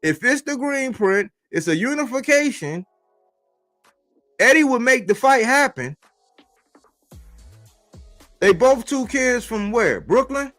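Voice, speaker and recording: A man's voice: very high-pitched, big pitch swings, takes it slowly, long pauses, fairly bright tone, soft background music. A man hosting a boxing livestream, talking in a casual, profane way full of street slang. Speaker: boxing podcast host.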